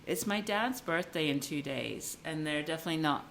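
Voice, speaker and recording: Female co-host, deep-ish voice, chatty and giggly, loose unfinished sentences. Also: animated, normal speed, creaky, a bit bright, slight background noise. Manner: chatty, laughs often, trails off mid-sentence. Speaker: podcast co-host. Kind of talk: casual chat. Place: yarn shop. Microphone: recorded on camera.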